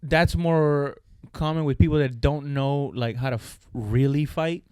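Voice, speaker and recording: A man's voice: on the high side, measured pace, darkish tone, clear, resonant tone, dry recording, studio quality. A young man co-hosting a comedy podcast, talking in a rambling, profane, self-mocking way in casual chat.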